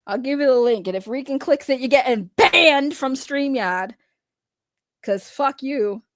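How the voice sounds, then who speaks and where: A woman with a Boston accent hosting a casual livestream, loud and laughing, swearing as she talks to her chat. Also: high-pitched, no echo, clean studio sound. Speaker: livestream host.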